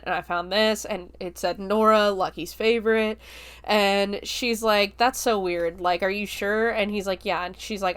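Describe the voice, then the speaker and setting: A woman hosting a film review podcast, retelling the plot in a chatty, casual way full of fillers and quick laughs. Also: medium pitch.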